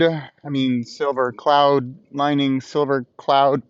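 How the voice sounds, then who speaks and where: A man's voice: medium pitch, steady tone, slow pace, no echo, lo-fi sound. A man talking in a casual morning vlog outdoors by a small pond, hyped up and playful, recorded on Bluetooth headphones. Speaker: vlogger.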